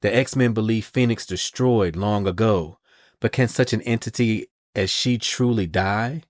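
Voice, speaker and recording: A regal heroine speaks with grave formality, as a man reads her lines aloud. The tone is low and measured, and the dry, close podcast mic leaves no room sound. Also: no room sound, lightly acted. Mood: solemn. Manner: grave, formal comic-book dialogue read slowly. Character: regal, solemn weather-goddess heroine, adult woman.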